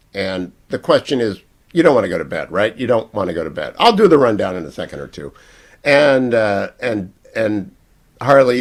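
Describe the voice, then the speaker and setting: A man's voice: on the low side, a bit bright. A man hosting a radio talk show from a hotel room, joking and rambling playfully with his co-host. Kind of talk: casual broadcast banter.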